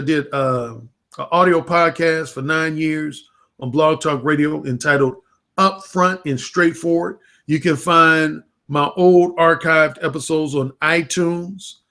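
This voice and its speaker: A man's voice: fairly high pitch, a bit bright. A man, a dating coach, talking casually and frankly into a livestream webcam, with plenty of blunt, profane language. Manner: frank, unfiltered, profane talk.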